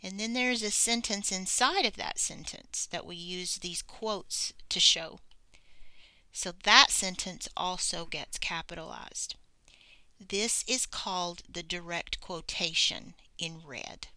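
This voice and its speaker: Slow, very bright-voiced woman teacher. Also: on the low side, clean tone, no echo. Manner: patient, explains step by step, thinks aloud. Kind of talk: recorded grammar lesson.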